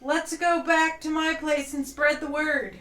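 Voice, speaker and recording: A woman playing a tabletop game, jokey and quick with cheeky one-liners. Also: high voice, fairly even intonation, a bit bright, echoey room, faint music behind. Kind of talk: casual play at the table.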